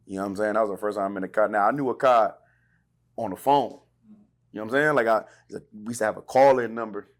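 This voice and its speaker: A man's voice: on the low side, fast talker. A man from California hosting a podcast interview in laid-back street slang. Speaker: podcast host. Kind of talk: casual interview chat.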